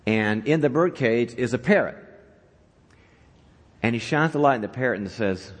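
A man's voice: mid-range voice, normal speed, big-room sound. A man giving a talk to church leaders, telling a joke and asking the audience questions. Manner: animated storyteller, asks the audience questions. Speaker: guest speaker at a church leadership event. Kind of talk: conference talk opening with a joke.

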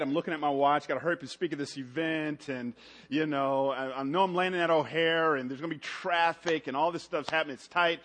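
A man preaches a sermon built around stories, alternating between loud, energetic stretches and quiet, low passages.

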